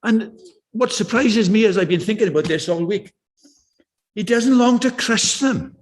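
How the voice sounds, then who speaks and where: Older man preaching, high voice. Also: normal speed. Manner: conversational, anecdotal, with passionate swells. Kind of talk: sermon. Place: church.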